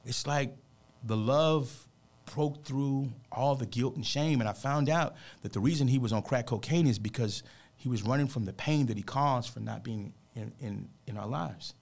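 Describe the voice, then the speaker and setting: A man speaking as a guest on a radio show, a motivational speaker with a gravelly, fry-edged voice. His pitch sits in an ordinary middle range. He tells a personal story in an earnest, preachy way and keeps tossing in "man" between his points. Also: normal speed, a little mellow.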